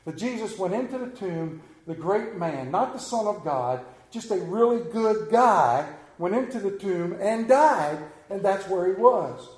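A man preaching a sermon, telling folksy stories and swinging between loud emphasis and quiet asides. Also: high-pitched, lively intonation, a little slow, hardly any pauses, roomy sound. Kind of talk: sermon with anecdotes.

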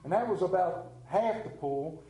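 A middle-aged male pastor preaching a sermon, telling the story with lively acted-out scenes and sudden drops to a hush. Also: normal speed. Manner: animated storytelling, acts out scenes with big pitch swings. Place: room with a congregation. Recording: echoey room.

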